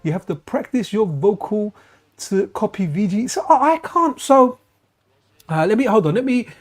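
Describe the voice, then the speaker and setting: A man with a high voice talks through a live gaming stream. He is chatty and enthusiastic, and his sentences often stall and restart as he goes. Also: lively intonation, moderate pace, soft background music. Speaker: streamer, channel host. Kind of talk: casual live-stream chat while gaming. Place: friend's house.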